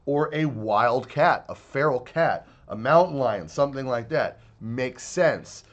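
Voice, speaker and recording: A man's voice: mid-range voice, expressive, measured pace, lo-fi sound. A man giving a heated, profane video commentary rant, sounding exasperated. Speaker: online commentator.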